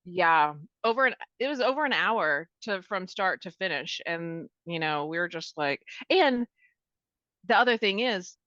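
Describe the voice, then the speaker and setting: A woman's voice: on the low side, measured pace, no room sound. Chatty woman on a dull, dry recording. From Maine, USA. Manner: chatty, animated storyteller. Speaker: podcast co-host. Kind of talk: casual travel chat.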